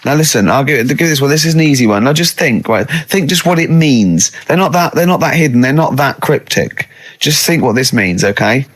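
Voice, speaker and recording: A man hosting a casual radio chat, playful and quick to laugh, explaining things with many restarts. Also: mid-range voice, animated. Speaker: radio show host.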